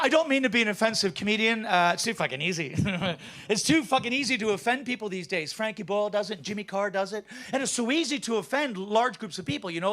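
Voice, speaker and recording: A brash, profane Canadian man doing stand-up comedy and compering on a club stage, shouting his punchlines. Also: sits high, slight background noise.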